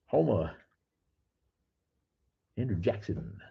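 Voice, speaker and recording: A low-voiced older man rambles through a casual livestream, reading comments aloud and swearing bluntly. His voice is husky, and it comes through dull, lo-fi stream audio. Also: lively intonation, normal speed, darkish tone. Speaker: livestream host. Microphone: streaming cameras.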